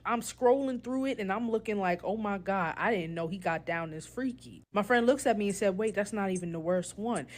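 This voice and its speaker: A woman tells a long comic story on a podcast call-in segment. Her delivery stays steady and deadpan. Her voice sits at an ordinary middle pitch. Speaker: caller telling a story. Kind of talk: reading a comic story aloud.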